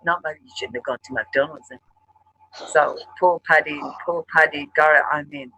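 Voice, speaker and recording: A man hosting a chat show, telling a rambling, profane story in an animated way. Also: on the high side, moderate pace, low-quality recording. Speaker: show host.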